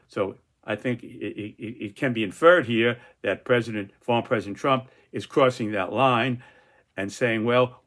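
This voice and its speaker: A man talks viewers through his own political cartoons in an unscripted, meandering way. He circles back, restarts sentences and leans on fillers as he goes. His voice sits at a middling pitch. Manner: rambling, many restarts and fillers. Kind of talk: casual commentary on political cartoons.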